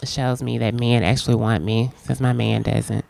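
A woman from Alabama, co-hosting a casual podcast and telling stories with lively acted-out quotes. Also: a bass voice, normal speed, vocal fry, no echo. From Alabama, USA. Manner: animated storytelling, acts out quotes. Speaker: podcast co-host. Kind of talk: casual chat.

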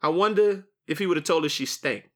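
A young man hosting a podcast, chatting in a jokey, animated way with friends, then reading a commentary segment. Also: on the high side, a little fast. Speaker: podcast host. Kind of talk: casual podcast chat and scripted monologue.

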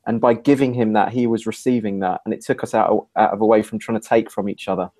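A man's voice: lowish voice, fairly even intonation, fast, dark tone. A man hosting a casual podcast conversation, telling a rambling anecdote and laughing easily. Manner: rambling, laughs easily, many listening hums.

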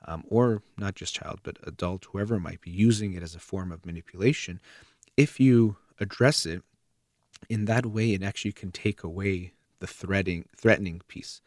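A man giving steady, earnest parenting advice in a calm explanatory monologue, like a counselor. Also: low voice, moderate pace, no echo, studio quality.

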